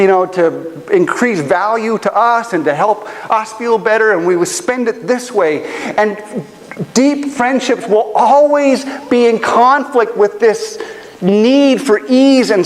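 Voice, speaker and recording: High-voiced man preaching in a reverberant hall. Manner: earnest, emotional storytelling. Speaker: pastor. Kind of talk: sermon. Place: church auditorium. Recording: long church hall reverb, faint ambience.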